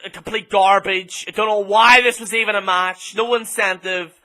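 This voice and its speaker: Irish guy ranting about wrestling, swears a ton, lots of ums, highish bright voice. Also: steady tone, normal speed. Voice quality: blunt, sweary, filler-heavy with many ums. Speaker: wrestling show reviewer. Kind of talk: casual profane rant.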